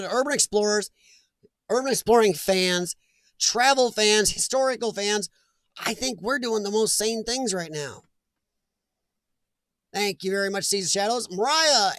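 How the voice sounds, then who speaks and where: A chatty middle-aged man hosts a live stream, reading out comments and laughing easily between them. His voice sits high for a man. The sound is close and dry, with almost no room around it. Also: fairly bright tone, no room sound. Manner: chatty, laughs often, talks back to chat.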